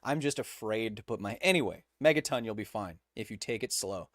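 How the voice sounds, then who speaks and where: A man's voice: fairly low pitch, expressive, a little fast, no room sound, clean studio sound. A man hosting a livestream, chatting casually and rambling with lots of fillers and restarts. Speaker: host.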